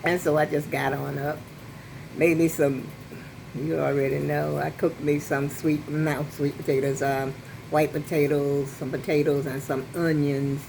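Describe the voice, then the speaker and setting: A woman's voice: low-pitched, level tone, a little slow, gravelly, background noise. An older woman telling a rambling, chatty story to her phone camera at home. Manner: rambling, chatty, with many restarts and asides. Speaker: vlogger. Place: apartment at home. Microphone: phone on a selfie stick.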